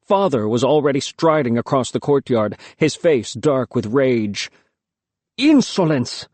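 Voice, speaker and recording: A mid-range male voice carries this first-person audiobook narration, paced with care and full of expression. No room sound can be heard.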